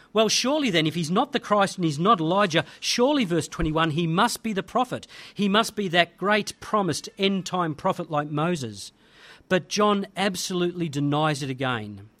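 A man's voice: on the high side, fairly bright tone. Emphatic Australian man preaching a sermon. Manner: emphatic, building rhetorical repetition.

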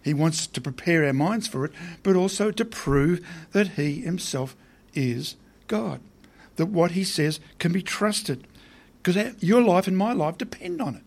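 A man's voice: high voice, animated, unhurried, vocal fry. Man preaching a conversational sermon. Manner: conversational, asks the listeners questions.

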